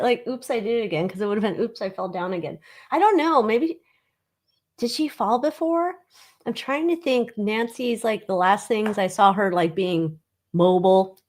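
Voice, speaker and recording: Woman host of a live card-reading stream; chatty, joking, irreverent, talks straight to viewers. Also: medium pitch. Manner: snarky, joking, laughs at her own jokes; chatty with many fillers and asides to viewers.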